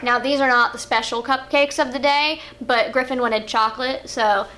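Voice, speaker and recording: A young adult woman co-hosting a vlog, telling stories in an animated, chatty way. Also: sits high, normal speed. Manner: animated, chatty, with fillers and giggles. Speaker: vlog co-host. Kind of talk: casual storytelling chat. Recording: faint background noise.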